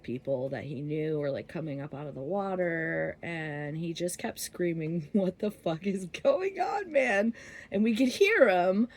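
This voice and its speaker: A woman's voice: low-pitched, a little mellow. A woman casually telling a story from her youth, rambling with lots of fillers and frequent laughter.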